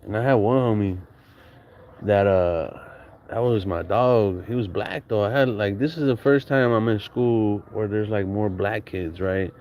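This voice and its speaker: A man's voice: lowish voice, a little slow, muffled recording, a little hiss or hum. A man from Southern California tells stories from his childhood in casual, slangy, profane talk and laughs often. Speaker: podcast guest storyteller. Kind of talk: casual storytelling.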